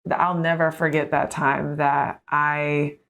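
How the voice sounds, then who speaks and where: Woman podcast host, 30s, lower voice, chatty storyteller who laughs a lot. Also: slow pace. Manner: storytelling, animated, laughs often. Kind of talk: conversational interview.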